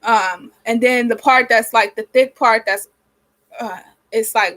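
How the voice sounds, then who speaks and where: Young woman, 19, slightly high voice, blunt and sweary, rambling vlog chat with a sniffly nose. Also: a little slow, fairly bright tone, rough recording. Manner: frank and rambling, heavy swearing, venting. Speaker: vlogger. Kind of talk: casual chat while doing her hair. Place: small cold bedroom with a space heater running.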